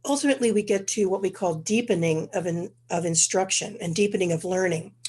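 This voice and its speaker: A woman's voice: fairly low pitch, a little mellow, breathy edge. Congested woman giving a lecture. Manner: explanatory, measured. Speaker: webinar presenter. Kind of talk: educational lecture.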